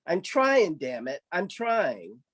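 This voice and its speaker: A man's voice: high-pitched, animated, slow, a little mellow, pitched above the performer's own voice. A man voicing a sly male fox prankster who talks in a folksy drawl, hemming and hawing. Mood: flustered.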